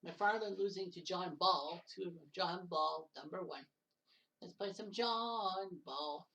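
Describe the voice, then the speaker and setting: A woman takes it slowly as she gives casual, solo commentary on simulated golf match-play results, with joking asides, corrections of mixed-up names, and the occasional curse. Her voice is lowish with a fairly bright tone. She is far from the mic.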